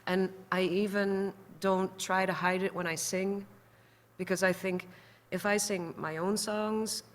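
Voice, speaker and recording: Dutch-accented woman with a flat, low voice. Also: a little slow. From Netherlands. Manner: thoughtful, candid, hesitant. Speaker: panellist and musician. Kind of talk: panel discussion.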